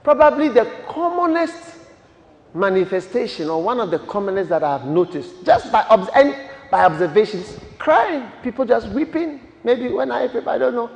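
A man pastor preaching a sermon with emphatic, repeated rhetorical questions that rise into shouts. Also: very high voice, lively intonation, moderate pace, creaky. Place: large church hall. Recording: echoey church hall with long reverb.

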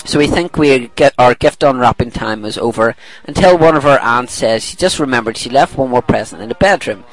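A middle-aged podcast host reads a listener's email aloud in a casual chat, laughing often as he rambles and corrects himself. His medium-pitched voice is animated and fairly quick, and the recording is rough.

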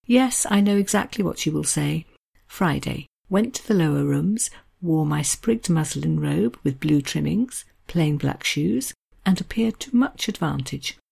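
A woman reading aloud plays a wry young gentleman, teasing in a dry, mock-serious way. The voice sits slightly raised over her own deep, gravelly, breathy register, mellow in tone. It is a classic novel scene read by one reader. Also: heavily acted. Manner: dry, playful mockery.

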